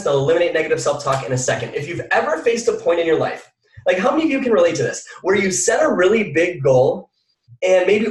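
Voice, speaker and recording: High-pitched man, motivational speaker. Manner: energetic, asks the audience questions. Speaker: mindset speaker. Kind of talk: motivational talk to an audience. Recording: echoey room from far off.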